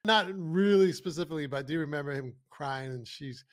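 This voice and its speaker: A man's voice: on the high side, a little fast. A man co-hosting a podcast, making loose, easygoing remarks about a movie. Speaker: podcast co-host. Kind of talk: casual movie review chat.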